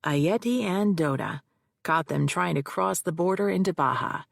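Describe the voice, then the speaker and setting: A woman reading an audiobook, voicing a gruff male detective in clipped, terse lines. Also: lowish voice, moderate pace, no room sound, clean studio sound. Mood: curt.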